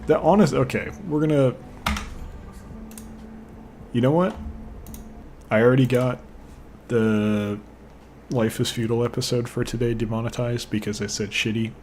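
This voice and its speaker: A man's voice: mid-range voice, normal speed, pauses often, a little mellow, slight background noise. A young man giving let's play commentary, frustrated and swearing, rambling off into personal asides. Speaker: gaming channel host.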